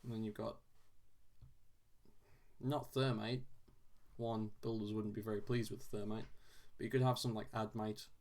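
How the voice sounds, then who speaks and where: A man solving a crossword on video, thinking aloud in a casual, halting way with frequent restarts and self-deprecating asides. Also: lowish voice, flat delivery, darkish tone.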